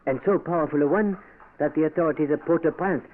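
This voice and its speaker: An actor playing a suave cynical doctor, old radio. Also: male voice, a little high, fast, lightly acted. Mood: sardonic. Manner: suave, ironic, keeps saying monsieur. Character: cynical male French-educated doctor, smooth aide. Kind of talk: 1940s radio acting. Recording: tinny old radio broadcast with faint hiss.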